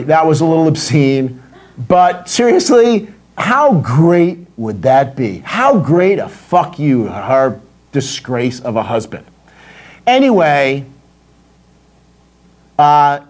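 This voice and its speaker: A middle-aged American man hosts a political commentary rant. His voice sits high for a man and swings widely in pitch. He sounds indignant, sarcastic and openly profane. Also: very animated, slow pace, a little mellow. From United States.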